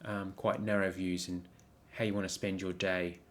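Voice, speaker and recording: Low-voiced man coaching through slides. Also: level tone, normal speed. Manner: reflective, asks many questions, frequent ums and restarts. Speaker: life coach. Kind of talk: coaching presentation over slides.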